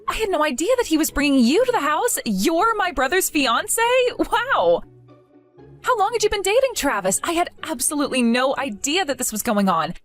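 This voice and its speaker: Earnest young woman, pleading and bewildered, read by a woman. High, animated voice, music bed. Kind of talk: scripted audio drama.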